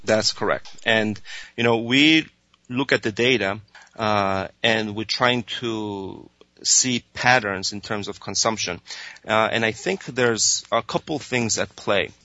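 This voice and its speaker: A man answering interview questions about his streaming service, talking haltingly with many fillers and restarts. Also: on the low side, sharp tone, no room sound. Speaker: streaming executive guest. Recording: dull lo-fi dry sound.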